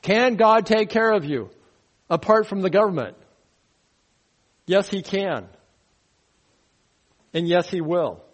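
Higher-voiced man preaching a sermon. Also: lively intonation, slow pace, pauses often. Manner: teaching, asks the congregation questions; mocking grumblers in a rising, louder voice. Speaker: pastor. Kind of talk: verse-by-verse sermon.

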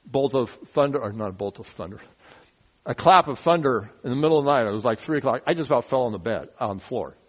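A man teaching the Bible verse by verse in an animated way. He asks rhetorical questions, makes sound effects, and drops folksy, joking asides. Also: medium pitch, quick pace, poor audio.

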